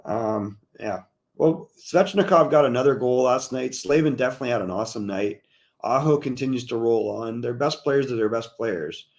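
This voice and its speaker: A man hosting a casual hockey show at a middle pitch. He talks in an easygoing, chatty way, reading viewer comments aloud and weighing in on them. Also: moderate pace. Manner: relaxed, chatty, reads out chat comments. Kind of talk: casual sports talk.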